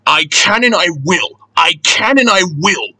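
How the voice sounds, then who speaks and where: A man's voice: a little high, big pitch swings, moderate pace, pushed and bright, husky, pitched above the performer's own voice, exaggerated voice. A man doing a proud young red engine. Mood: determined. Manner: pleading then determined, puffing.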